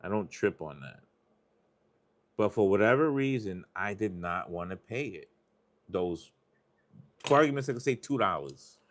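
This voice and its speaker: A man's voice: fairly low pitch, lively intonation, a little slow, pauses often. A man hosting a live stream, chatting casually in a rambling, confessional way and swearing freely. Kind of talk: casual chat while scratching lottery tickets.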